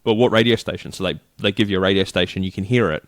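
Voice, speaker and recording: Low-voiced New Zealand man telling a story. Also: fast talker, no room sound, studio quality. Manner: rambling storyteller, acts out quoted people. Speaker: podcast co-host. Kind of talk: casual chat.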